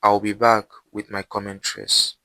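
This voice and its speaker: A man narrating a scripted channel intro as host, with measured, announcer-like delivery. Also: lowish voice, level tone, gravelly, bright, forceful tone, no echo, low-quality recording.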